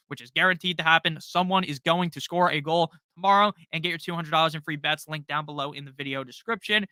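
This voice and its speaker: Fairly high-pitched and forceful, with a bright tone and no echo, this young man runs a fantasy football livestream from home. He reads out viewers' questions and rattles off quick answers, cursing and joking throughout the Q&A.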